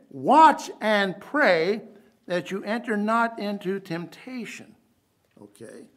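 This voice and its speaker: Male preacher, high voice, sermon, loud bursts then quiet asides, Hebrew biblical terms.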